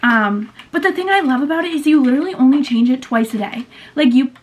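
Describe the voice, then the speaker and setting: A woman in her twenties vlogging casually to camera, rambling and chatty with lots of fillers, sounding low on energy. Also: fast, slight background noise. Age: 20s. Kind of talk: casual vlog chat to camera.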